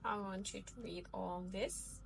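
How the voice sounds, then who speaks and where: A woman's voice: mid-range voice, fairly even intonation, measured pace, gravelly, a little hiss or hum. A woman teaching beginners to read, explaining step by step and repeating each sound twice. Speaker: Arabic teacher. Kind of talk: slow step-by-step reading lesson.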